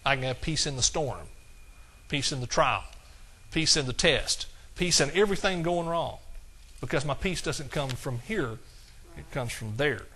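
A man preaching a sermon in a folksy way, slowing down to quote scripture in a measured cadence and chuckling at his own jokes. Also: fairly high pitch, expressive, sharp tone, slightly rough.

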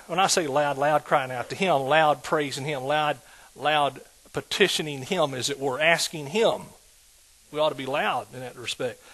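A husky-voiced male preacher delivering a sermon, building his repeated calls into loud exhortations. His voice sits a bit higher than most men's. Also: rough recording. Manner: emphatic, rising to loud exhortation. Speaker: pastor.

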